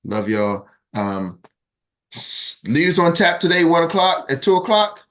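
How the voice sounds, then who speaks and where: A man speaks, a coach hosting his team's morning call. He tells his stories with energy, and his voice jumps higher whenever he acts out what someone said. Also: a little slow. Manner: animated storyteller, acts out quotes in raised voices. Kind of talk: casual storytelling to a team.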